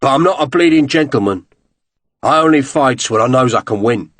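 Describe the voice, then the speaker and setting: A man voicing a big, rough working-class servant who talks bluntly and coarsely. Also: medium pitch, expressive, brisk, a bit bright, dry recording, natural voice. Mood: gruff.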